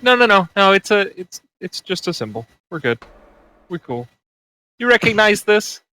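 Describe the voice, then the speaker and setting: A man's voice: sits high, sing-song, normal speed, sharp tone, pitched above the performer's own voice, exaggerated voice. A man voicing a brash adventurer who fumbles and backpedals while talking to an innkeeper in a tabletop role-play. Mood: bluffing.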